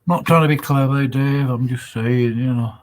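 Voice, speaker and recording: A livestream host chats solo in a medium-pitched, slightly mellow voice with fairly even intonation. He wanders slowly through his thoughts, pausing a lot as he thinks aloud, and drops dry, dismissive asides along the way.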